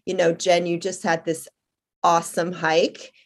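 A middle-aged woman co-host asking a guest questions in a thoughtful, measured way. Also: fairly low pitch, level tone. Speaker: podcast co-host. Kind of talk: casual interview.

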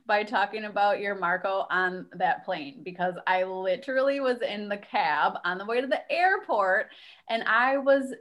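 A woman's voice: medium pitch, moderate pace, fairly bright tone. A woman co-hosting a podcast, chatting casually and teasing her friend. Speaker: podcast co-host. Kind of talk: casual chat.

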